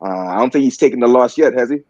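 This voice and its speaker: Halting man with a Baltimore accent. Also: medium pitch, darkish tone, no room sound, muffled recording. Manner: halting, filler-heavy, joking. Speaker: panelist on a sports talk stream. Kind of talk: casual sports chat.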